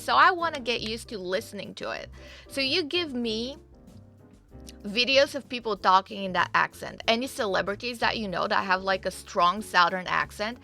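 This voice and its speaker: A woman's voice: on the high side, bright, forceful tone. A young woman streaming live, chatting casually and rambling to her viewers with fillers and the odd swear. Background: faint game music.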